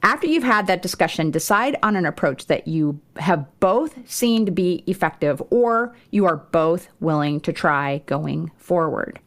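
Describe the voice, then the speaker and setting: A middle-aged woman with a low-pitched voice hosts a homeschooling podcast. She talks in a relaxed, conversational way, with small restarts and fillers as she explains. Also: measured pace, few pauses. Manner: warm, conversational, with occasional laughs and fillers. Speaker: podcast host. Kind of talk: homeschool parenting advice podcast.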